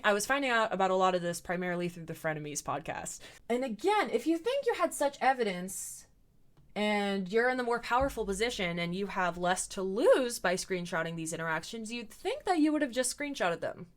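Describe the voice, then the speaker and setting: Wry young woman doing commentary. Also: lowish voice. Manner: sarcastic, wry asides. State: voice getting tired. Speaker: commentary YouTuber. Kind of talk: casual commentary monologue. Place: at home in front of a camera.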